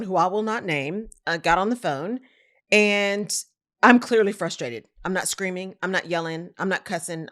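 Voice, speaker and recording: A woman podcast host, telling a story in a casual monologue and acting out the lines of the people in it. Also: mid-range voice. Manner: animated, acts out her own and others' lines in quotes.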